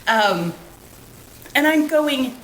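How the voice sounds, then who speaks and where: A woman co-hosting a podcast, talking in a lively, swooping voice that rises fairly high. She is dramatic and expressive and laughs often. The recording has a roomy echo and faint background noise. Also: drawn-out words. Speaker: podcast co-host. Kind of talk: casual chat.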